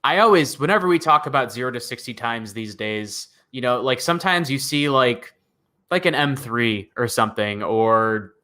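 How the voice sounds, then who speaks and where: A man with a bright, forceful voice co-hosts a live car news chat. He rambles and piles up fillers as he works toward his point. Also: mid-range voice, animated, normal speed. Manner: rambling, heavy on filler words like "like" and "you know". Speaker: co-host of a car news show. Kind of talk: casual live-stream chat.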